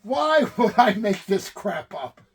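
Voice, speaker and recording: A man with a fairly high, husky voice trades jokes with his co-host. He slips into indignant denials and playful protests. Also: sing-song, takes it slowly. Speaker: podcast co-host. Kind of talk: casual banter.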